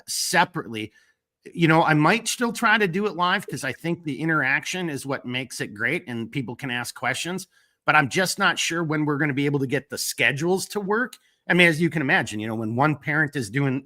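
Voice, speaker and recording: Bright-voiced man hosting a rambling live chat. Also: mid-range voice. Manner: rambling, reads chat shout-outs, frequent fillers. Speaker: host of a live stream talk show. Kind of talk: casual live stream chat.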